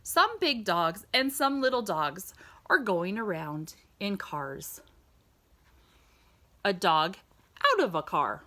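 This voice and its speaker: A woman reading a children's picture book aloud in a sing-song storytime voice, pausing to ask the listener questions. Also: mid-range voice, very animated, sharp tone.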